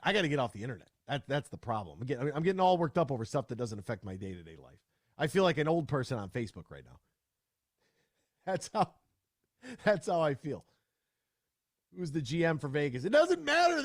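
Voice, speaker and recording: A man hosting a sports talk radio show, ranting in a fired-up way with quick repeated restarts, into a studio microphone. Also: mid-range voice, no echo.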